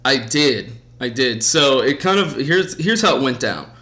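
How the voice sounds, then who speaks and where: Profane, animated male podcast host. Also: medium pitch, unhurried. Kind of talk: casual podcast chat.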